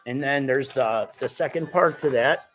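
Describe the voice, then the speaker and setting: A man's voice: mid-range voice, moderate pace. A man hosting a live stream, chatting casually and jokingly with his viewers and reading out their comments, his voice cracking a little. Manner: animated and jokey, talks straight to the viewers.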